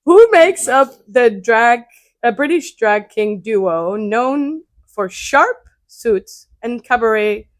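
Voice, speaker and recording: A woman co-hosting a podcast, reading quiz questions slowly and deliberately between light laughs. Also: fairly high pitch. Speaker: podcast co-host, quiz reader.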